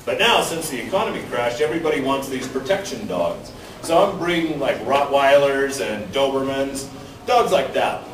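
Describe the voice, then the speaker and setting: A man performing a stand-up comedy set, telling stories deadpan, each ending on a punchline. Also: medium pitch, normal speed. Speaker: stand-up comic. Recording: roomy, distant mic with background noise.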